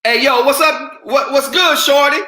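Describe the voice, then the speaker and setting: Brash young catcaller, loud and high, played by a male preacher, echoey room. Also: a little slow, heavily acted. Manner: loud, hollering.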